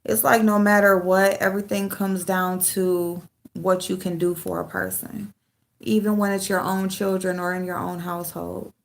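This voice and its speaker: A woman's voice: fairly low pitch, little pitch movement, moderate pace, vocal fry. A middle-aged woman venting in casual livestream chat, frank and loose, swearing freely as she talks to viewers. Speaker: livestream host.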